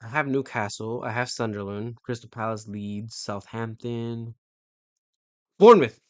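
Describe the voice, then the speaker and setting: A young man streams himself taking a football quiz, muttering and swearing whenever he gets stuck. His voice is on the low side and a bit bright, with little pitch movement and a moderate pace, in a dry recording.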